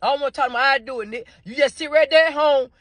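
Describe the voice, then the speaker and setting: A man's voice: extremely high pitch, rapid-fire, a bit bright, dry recording. A man delivering a comic rant, stammering over repeated words, cursing heavily and pleading. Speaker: comedian doing a ranting phone call.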